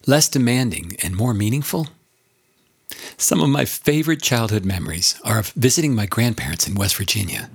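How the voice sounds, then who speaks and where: Gravelly older male narrator, earnest reflective read, lowish voice. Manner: earnest, builds rhetorical lists.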